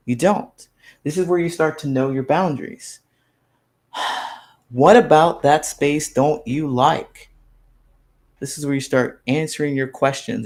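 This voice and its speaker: A man giving a motivational conference talk as a life coach, repeating phrases for emphasis and acting out quoted lines. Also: mid-range voice.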